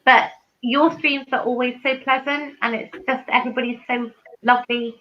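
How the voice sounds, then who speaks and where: A woman's voice: a little high, steady tone, moderate pace, muffled recording, slight background noise. A woman chatting on a live stream, gushing and friendly. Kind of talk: casual chat on a live stream.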